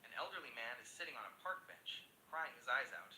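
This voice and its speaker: A cheeky AI voice in a man's tone, telling jokes in a chatty storytelling way. The tone is very bright and animated in pitch. The sound is echoey, with a faint rumble behind it. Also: brisk. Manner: cheeky, chatty joke delivery. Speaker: AI chatbot joke teller.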